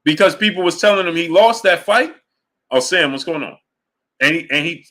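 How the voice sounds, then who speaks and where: Guy hosting a live boxing stream, bright punchy voice, shouting out chat names, gets heated arguing. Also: fairly high pitch, expressive, moderate pace. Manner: greets viewers by name between points, rising and forceful when arguing. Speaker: boxing talk show host. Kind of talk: live-stream chat reading super chats.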